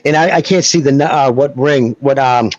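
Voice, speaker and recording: A man in casual podcast chat, breaking down technique in a loose, rambling flow and swearing now and then. His voice sits at an ordinary pitch. The sound is dull and lo-fi, close and dry. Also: moderate pace, dry recording. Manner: rambling, swears, keeps asking "you know what I mean". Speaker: boxing podcast co-host.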